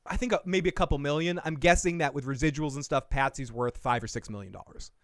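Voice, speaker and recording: A man's voice: a little high, fast talker, a bit bright, dry recording, studio quality. A man hosting a casual TV recap chat, ranting with lots of swearing and acting out characters' lines. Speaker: podcast host reviewing a TV show.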